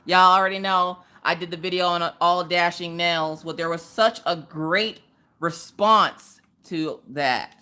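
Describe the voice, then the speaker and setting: Loud chatty Southern woman. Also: unhurried, clean tone. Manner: loud, chatty, jumps to high squeals when greeting viewers. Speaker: live-stream host. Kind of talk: casual live-stream chat.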